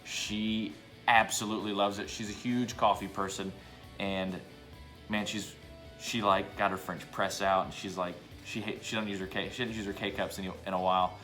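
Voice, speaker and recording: A man sits in his home basement bar and talks through a beer review, loose and easygoing. His voice sits a little low, and his words come out upbeat and peppered with casual swearing. Faint music plays in the background. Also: little pitch movement, moderate pace, pushed and bright. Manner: laid-back, enthusiastic, swears casually.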